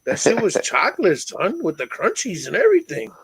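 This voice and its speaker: A man hosting a casual call-in chat show, animated and often laughing as he tells stories. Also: high-pitched, fairly quick, creaky, husky. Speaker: host.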